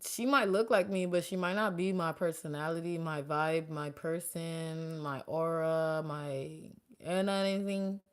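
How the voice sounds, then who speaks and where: Speaking a little slowly in a low, clean tone, a young woman who works as a beauty vlogger and makeup artist does her makeup while chatting casually. Her manner is animated and chatty as she talks to viewers and chat.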